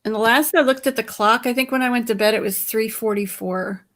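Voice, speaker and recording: A woman's voice: on the high side, brisk. A tired woman guest chatting casually on a live stream, rambling and correcting herself as she talks. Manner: rambling, relaxed, self-correcting. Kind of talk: casual chat.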